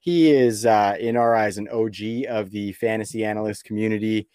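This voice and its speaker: Dark, dry-voiced male podcast host. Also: on the low side, steady tone, normal speed, clear, resonant tone, no echo. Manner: laid-back, laughs often, filler-heavy. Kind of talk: casual sports podcast chat.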